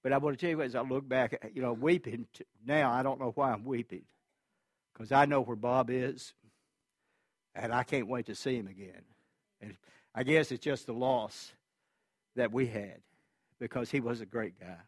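A man preaching a sermon as a pastor, telling a personal story earnestly and with feeling, his voice swinging between loud and hushed. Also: medium pitch, normal speed, long pauses, dry recording, studio quality.

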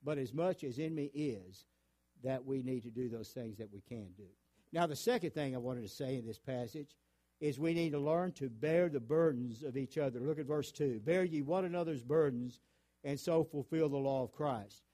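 A man's voice: medium pitch, normal speed, warm tone, no echo. A man preaching a sermon in an earnest, conversational way, often restarting his words.

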